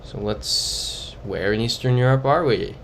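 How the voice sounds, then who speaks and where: His voice is mid-range, creaky and a bit bright, delivered at a measured pace with slight background noise. A young man streaming a geography guessing game, he thinks aloud and reads chat messages in a casual, muttering style of live-stream commentary.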